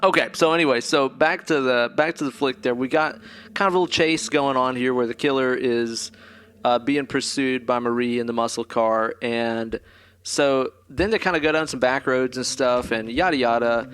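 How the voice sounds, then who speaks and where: A man's voice: medium pitch, normal speed, fairly bright tone. Casual male podcast co-host, rambling recapper, loose and profane. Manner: rambling, swears freely, lots of "like" and "kinda". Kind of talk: casual movie recap chat.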